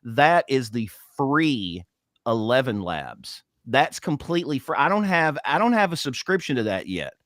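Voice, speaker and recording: A man's voice: mid-range voice, sing-song, measured pace, a bit bright, no echo, studio quality. A man co-hosting a casual podcast, explaining at length with many fillers and restarts. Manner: rambling, explanatory, lots of fillers. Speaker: podcast co-host and radio worker.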